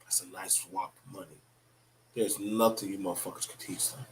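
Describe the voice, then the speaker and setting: A man's voice: sits low, fairly even intonation, normal speed, a little hiss or hum. A middle-aged man giving a blunt, profane, preachy opinion monologue about parenting. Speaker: commentator on parenting.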